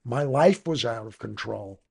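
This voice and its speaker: Slow, gravelly older New man. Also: medium pitch, lively intonation, warm tone. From New York. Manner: frank, conversational storytelling. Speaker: podcast guest. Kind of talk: personal recovery story, candid interview.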